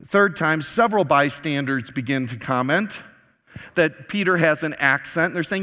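A male pastor preaching a sermon, telling a story with lively acted-out quotes. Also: fairly high pitch, moderate pace. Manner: animated storytelling, acting out quoted lines. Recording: long hall reverb.

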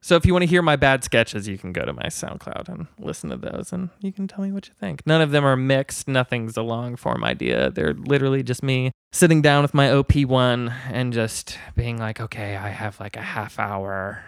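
A man talks casually and at length, his speech wandering through asides and stories. He gets animated and lively when something excites him. The room is dry, with no echo at all. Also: medium pitch, brisk, vocal fry, few pauses, smooth. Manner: rambling, animated storytelling. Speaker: guest musician. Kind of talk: casual conversation.

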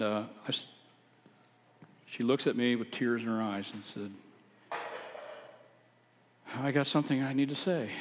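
Man preaching in a reverberant hall. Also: medium pitch. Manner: earnest, rising to emphatic exhortation. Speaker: pastor. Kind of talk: sermon.

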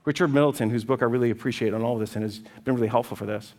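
A man preaching a sermon in an animated, conversational way, often checking in with his listeners. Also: medium pitch, very fast.

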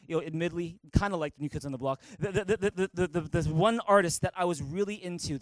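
A middle-aged male pastor giving a lively sermon, acting out quoted voices and singing snatches of song. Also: sits high, dry recording, rough recording. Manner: energetic, animated preaching that acts out quoted voices and sings snatches of song.

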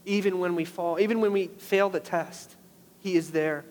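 A man's voice: sits high, steady tone, moderate pace, a little mellow, big-room sound. A man preaching a sermon as pastor, impassioned, rising to emphatic peaks on key phrases.

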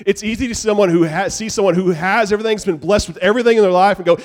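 Male pastor, young adult, sermon in a church, conversational, slightly high voice. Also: racing, hardly any pauses. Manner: conversational preaching, animated asides. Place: church sanctuary.

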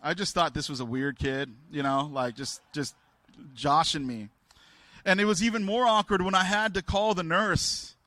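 A man preaching a sermon through personal stories. He talks candidly and haltingly, with many restarts, and raises his voice to act out the people in his stories. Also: on the high side, steady tone, bright, forceful tone, no echo.

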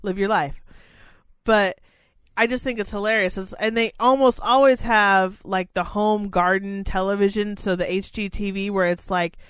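A woman tells a meandering story on a casual podcast, dropping swear words as she goes. Her voice comes through smooth and clear. The sound is dry and close, with no room echo. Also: mid-range voice, steady tone, normal speed. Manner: rambling, profane storytelling. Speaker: podcast co-host. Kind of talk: casual chat.

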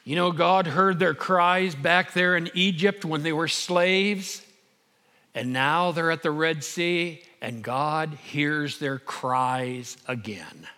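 Middle-aged guy preaching a sermon, high voice, gets loud and emphatic, echoey church hall. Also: slow pace. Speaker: pastor.

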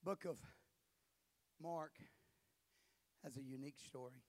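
A male pastor preaching a sermon, often building up to impassioned shouting. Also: medium pitch, fairly even intonation, slow.

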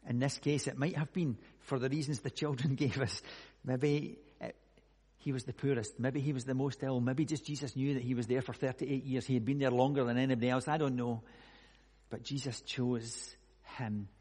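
A man preaching a conversational sermon, musing aloud with many rhetorical questions and moving between hushed and loud delivery. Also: mid-range voice, steady tone, moderate pace, slightly rough. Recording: long echoey hall reverb.

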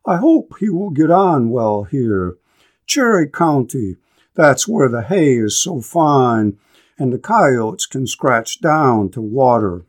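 A man's voice: mid-range voice, big pitch swings, slow. A man voicing an earnest, wistful woman farm owner who speaks eagerly and lingeringly.

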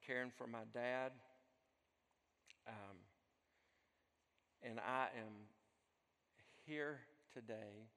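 A man preaching a sermon as pastor, speaking earnestly, building up and then dropping to a soft voice. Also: mid-range voice, gravelly. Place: church. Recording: long echo of a large hall.

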